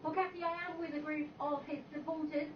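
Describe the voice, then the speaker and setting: A woman reporting on location for a TV news broadcast, interviewing people in a brisk, upbeat way. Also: high-pitched, level tone, distant mic, noisy background. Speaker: field reporter. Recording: TV audio played in an echoey room, heard from afar, dull.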